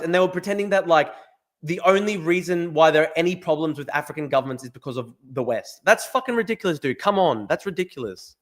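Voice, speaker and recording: A man streaming a guessing game, thinking aloud, swearing and getting excited. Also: fairly high pitch, fast talker. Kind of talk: live-stream commentary while playing a guessing game.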